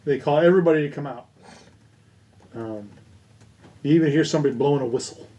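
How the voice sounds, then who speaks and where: A man running a tabletop game as game master, talking in an unhurried way with plenty of fillers. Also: fairly high pitch, mellow, dull audio. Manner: unhurried, hesitant, with many fillers.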